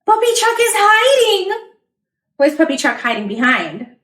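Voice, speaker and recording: Female children's librarian, high lively storytime voice, slow and echoey. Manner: animated, sound effects and questions to kids. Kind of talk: reading a picture book aloud to children.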